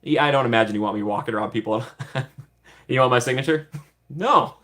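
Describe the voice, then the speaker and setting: A man's voice: mid-range voice, brisk, pushed and bright. A man casually chatting on a livestream, answering viewer comments in a playful way and giggling often. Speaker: streamer answering live chat.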